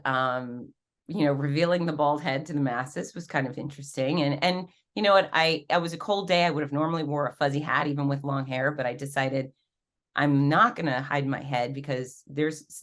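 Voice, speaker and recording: A woman guest on an interview podcast telling her story in a lively, animated way, acting out quoted voices with big jumps in pitch. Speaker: podcast guest, fitness professional and race announcer.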